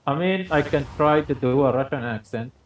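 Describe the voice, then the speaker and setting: A man's voice: medium pitch, moderate pace. A man joining a livestream over voice call, joking in a laid-back way. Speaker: viewer on voice call. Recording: distant echoey voice-call audio.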